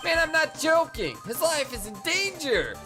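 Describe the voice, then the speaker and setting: A woman voicing an excitable, panicky young man who stammers and shouts his lines. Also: sits high, normal speed. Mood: frantic. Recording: game music playing underneath.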